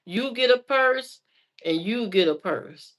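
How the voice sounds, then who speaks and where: A woman voicing her joking father in a high, drawn-out mocking tone. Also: lively intonation. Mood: teasing.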